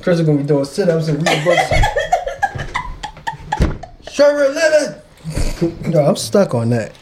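A man co-hosting a podcast, casually and profanely recapping a movie and putting on quick voices for the characters. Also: on the high side, huge pitch swings, very noisy. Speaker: podcast co-host. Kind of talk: casual chat.

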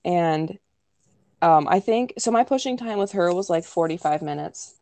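In a dry recording, a young woman with a fairly low, slightly mellow, expressive voice shares her birth story on the podcast she co-hosts. She speaks at a moderate pace, chatting freely with many "like" and "um" fillers and acting out quotes.

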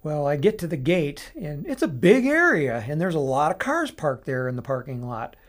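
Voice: mid-range voice, very animated, moderate pace. A podcast host talking through an analysis on their own in a casual, explanatory way, with frequent restarts and asides.

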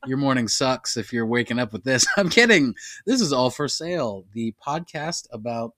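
A man's voice: mid-range voice, lively intonation, moderate pace, a bit bright, dry recording, studio quality. A man co-hosting a comedy podcast, joking and self-mocking as he rambles through casual chat. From United States. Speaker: podcast co-host.

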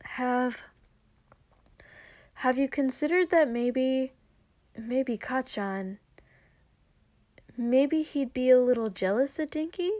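A woman voicing a gentle, cheerful young man who speaks mildly and carefully. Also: fairly high pitch, animated, slow, dry recording. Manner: mild, careful, hesitant.

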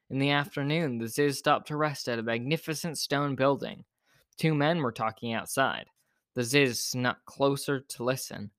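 A man reading a children's picture book aloud in a gentle, expressive way. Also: medium pitch, normal speed, dry recording, studio quality. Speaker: storyteller.

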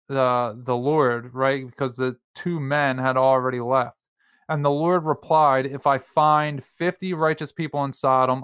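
A man reading a Bible passage aloud at a steady pace and adding brief remarks, as in a small Bible study discussion. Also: fairly high pitch, clean tone, no echo, clean studio sound.

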